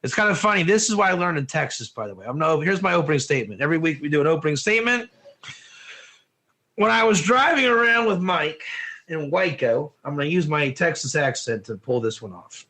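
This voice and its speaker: Bright, high-voiced male teacher, animated and joking, keeps quizzing his class. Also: a little fast. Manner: animated, asks the class questions, often says "one or two", laughs at own jokes. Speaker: Torah teacher. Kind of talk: lively online class lecture.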